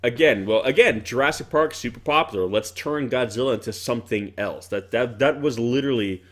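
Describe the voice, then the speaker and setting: A man's voice: medium pitch, fairly quick. A man co-hosting a casual movie commentary, rambling and interrupting himself as he talks. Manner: animated, rambling, self-interrupting. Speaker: commentary co-host.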